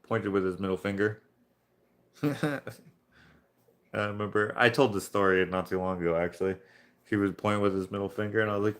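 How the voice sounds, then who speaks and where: A man's voice: fairly low pitch, fairly even intonation, a little fast, long pauses, a bit bright. A man from Canada chatting casually during a live painting stream, rambling through anecdotes and chuckling along. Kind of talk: casual chat while painting.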